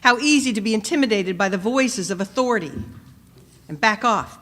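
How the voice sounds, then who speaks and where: A woman preacher delivering a sermon, measured and questioning, rising to emphatic peaks and dropping soft. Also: medium pitch. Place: church. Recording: long church reverb.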